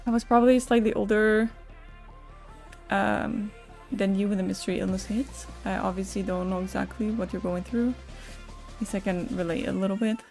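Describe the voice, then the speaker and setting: A woman live-streaming, talking openly and emotionally with her chat at a middling pitch. She swears freely and reads viewer messages aloud. Faint music plays behind her. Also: steady tone, normal speed, darkish tone. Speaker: Twitch streamer.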